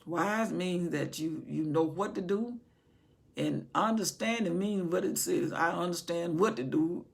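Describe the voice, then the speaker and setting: A woman's voice: fairly low pitch, a little slow, creaky. A woman Bible teacher giving a sermon, reading scripture with dramatic emphasis and explaining it.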